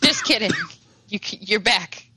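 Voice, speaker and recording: A woman narrating as game master of a tabletop game, pausing often with fillers as she describes the action. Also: mid-range voice, fairly even intonation, background noise. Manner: halting, many filler pauses.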